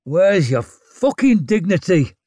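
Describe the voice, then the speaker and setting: A man voicing an embittered commoner who snarls his lines loudly. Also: sits high, big pitch swings, slow, dry recording, clean studio sound, pitched above the performer's own voice, heavily acted. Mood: angry snarl. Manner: snarling, loud.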